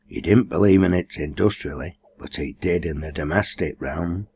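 Deep husky man reading a novel aloud. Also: normal speed, darkish tone. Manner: reads dialect dialogue in raised voices. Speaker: audiobook reader. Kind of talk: scripted narration.

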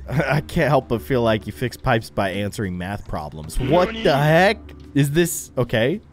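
A man's voice: mid-range voice, big pitch swings, unhurried. A young man commenting while playing a video game, joking and easily flustered. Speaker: gaming video host. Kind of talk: let's play commentary.

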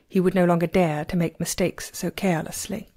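A woman narrating a novel chapter as an amateur reader, with a steady, expressive delivery. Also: on the low side, a little fast. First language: not Chinese. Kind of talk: audiobook narration.

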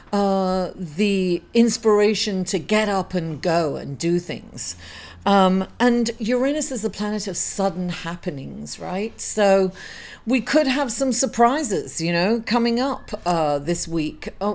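A grieving woman giving a casual weekly astrology reading, halting and apologetic with many fillers. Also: medium pitch, a little mellow. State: grieving, tearful at times. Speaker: astrology reader. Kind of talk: casual weekly horoscope talk.

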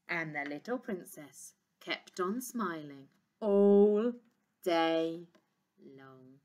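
A woman teacher reading a storybook aloud to young children, expressive, with gentle asides to her listeners. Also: on the low side, extremely slow, a little hiss or hum. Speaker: reception class teacher.

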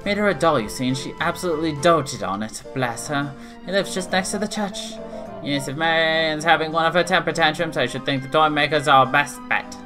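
A man's voice: a little high, a little fast, over music, lightly acted. Man voicing a fussy kindly old nanny. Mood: fretful. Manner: doting, fretful.

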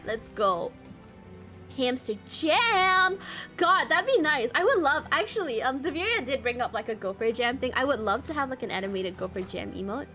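A woman's voice: a little high, lively intonation, fairly quick, few pauses, sharp tone. A young woman from Malaysia chatting casually while streaming a game, reading chat aloud and swearing now and then. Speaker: VTuber streamer. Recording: faint game music behind.

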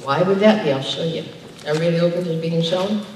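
A woman pastor preaches a sermon in a church sanctuary, emphatic and drawing responses from her congregation. Her voice is lowish, fast and a little mellow. The distant mic picks up an echoey hall and a slight hiss or hum.

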